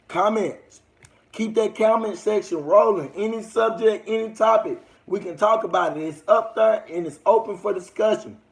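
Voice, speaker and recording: A man's voice: high voice, moderate pace, gravelly. A young man with a Southern US accent, hosting a casual livestream and talking loosely to his viewers in rambling street slang. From United States. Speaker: livestream host.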